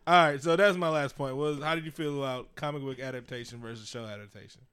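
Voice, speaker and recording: A man co-hosting a podcast in casual chat, animated and laughing, swearing freely. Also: medium pitch, fast talker, clean tone. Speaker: podcast co-host.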